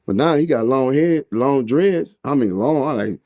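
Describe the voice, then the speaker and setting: A man's voice: a little high, moderate pace, dry recording, clean studio sound. A man casually telling a jail story, acting out the dialogue in a raised voice. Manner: animated, acts out dialogue in a raised voice, heavy cursing.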